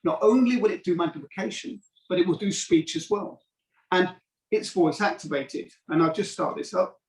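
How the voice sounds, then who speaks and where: Casual salesman, a bit higher-pitched, heard distant and echoey over a call. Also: normal speed. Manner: casual, rambling with restarts and fillers. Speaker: product demonstrator. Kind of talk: live video call product demo. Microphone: video call. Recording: roomy, distant video call audio.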